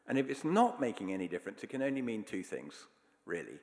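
A man's voice: lowish voice, big pitch swings, fast talker, a little mellow. A man preaching a sermon, telling stories in an earnest, emphatic way. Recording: long hall reverb.

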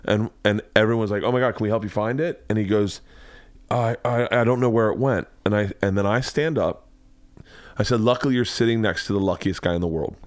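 A man's voice: fairly low pitch, fairly quick, dry recording. A man podcast host telling a story with big energy, acting out quotes and swearing freely. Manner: loud, excitable, acts out quotes, swears a lot. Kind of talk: animated storytelling. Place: home studio, man cave.

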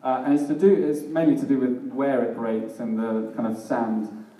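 A man's voice: medium pitch, flat delivery, moderate pace, mellow, a little hiss or hum. A man preaching a sermon in a casual, self-deprecating way, often laughing at himself. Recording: echoey hall, mic at a distance.

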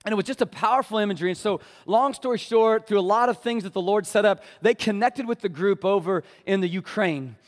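A man preaching a sermon as a pastor, telling a story with a casual, passionate delivery that drops to a hush for tender moments. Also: sits high, brisk, few pauses, big-room sound. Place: church sanctuary.

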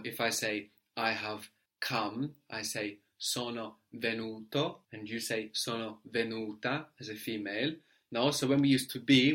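A man gives a language lesson, patiently explaining each step and checking comprehension with a quick "no?". His voice is medium-pitched with a fairly bright tone.

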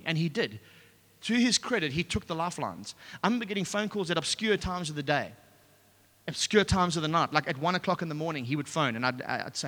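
A man preaching a sermon and telling a personal testimony, talking in an animated way with many restarts. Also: fairly high pitch, a little fast. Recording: echoey hall.

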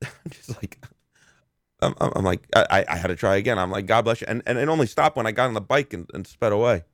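A man's voice: lowish voice, quick pace, a bit bright, dry recording, clean studio sound. A man hosting a podcast, telling a story casually and rambling with frequent restarts, amused at himself. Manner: self-amused. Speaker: podcast host.

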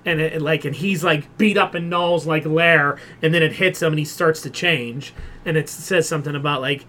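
A man co-hosting a casual pop culture podcast, his voice sitting a little above the usual male range. He retells stories in an animated way, dropping in quick quoted voices and filling his sentences with "like". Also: a little high, a little hiss or hum. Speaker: podcast co-host. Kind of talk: casual chat.

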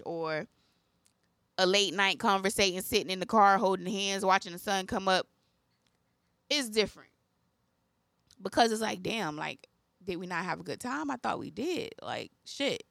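Woman cohost, bright tense voice, lots of pitch swing, musing, dry sound. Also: gravelly, no echo. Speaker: podcast co-host. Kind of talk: casual chat.

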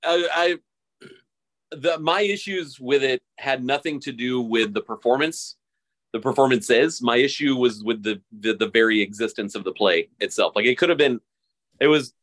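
A man co-hosting a podcast in casual chat, lively and quick to mimic others. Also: mid-range voice. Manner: animated, mocking quotes in an exaggerated voice. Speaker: podcast co-host.

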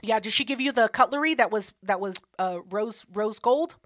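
A woman's voice: on the high side, normal speed, no room sound. A woman in her thirties hosting a podcast, telling a story in casual chat, swearing a lot and acting out what other people said. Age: 30s. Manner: profane, animated, acts out other people's lines. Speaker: podcast host.

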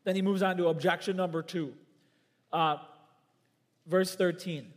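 Speaking at a moderate pace, a male pastor delivers a church sermon in a high-sitting voice that shoots up when he presses a point. Long hall reverb carries his emphatic preaching as it shifts widely in pitch and volume, from loud outbursts to quiet, low asides.

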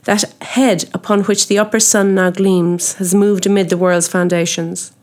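A grim, obsessed old sea captain, read by a woman in an audiobook, who declaims in grand, solemn, old-fashioned phrases. The voice sits at a middling pitch and carries weight rather than speed. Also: level tone, normal speed, close to an everyday voice. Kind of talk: audiobook character reading.

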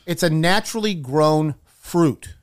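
A man co-hosting a radio talk show, telling a wry, animated story in casual chat. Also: fairly high pitch, measured pace, clear, resonant tone.

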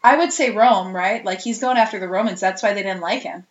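A woman's voice: medium pitch, a little fast. A woman co-hosting a podcast in casual chat, jokey and laughing often. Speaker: podcast co-host. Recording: roomy, dull lo-fi sound.

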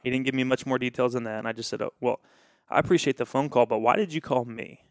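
Man pastor telling a lively story. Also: medium pitch, quick pace, dry recording, clean studio sound. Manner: animated, acts out quoted dialogue. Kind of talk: storytelling in casual conversation.

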